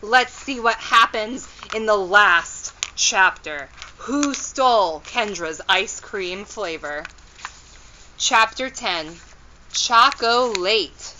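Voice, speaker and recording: A woman reading a children's storybook aloud as storyteller, gentle and expressive. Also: medium pitch, slow pace, lo-fi sound, a little hiss or hum.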